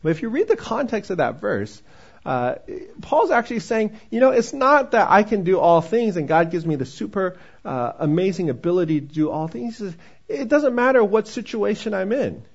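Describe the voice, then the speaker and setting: A male pastor preaches in a relaxed, conversational way and jokes with the congregation. His voice sits high with a gravelly rasp, and the recording sounds dull. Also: normal speed. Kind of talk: sermon.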